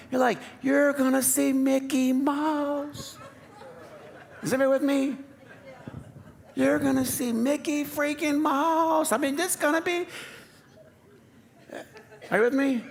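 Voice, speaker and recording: Playful pastor preaching. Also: male voice, high-pitched, vocal fry, a bit bright. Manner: conversational, playful, asks the congregation questions. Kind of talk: sermon. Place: church sanctuary.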